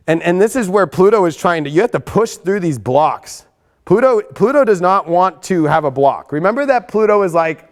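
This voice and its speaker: A man with a fairly high voice talks through a weekly astrology forecast. He is excitable and swears freely. He swings between loud, hyped bursts and quiet, earnest stretches. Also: moderate pace. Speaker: astrology show host.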